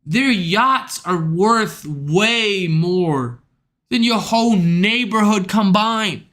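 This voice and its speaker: A man's voice: sits high, animated, very slow, a bit bright. A young man streaming, ranting in a casual, profane, slangy way to his chat. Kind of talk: livestream rant.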